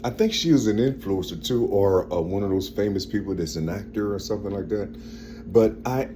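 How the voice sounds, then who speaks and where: Speaking at a moderate pace in a fairly low pitch, a forceful man in his fifties wanders through a personal monologue. He keeps repeating phrases as he searches for the right words, and there is slight background noise.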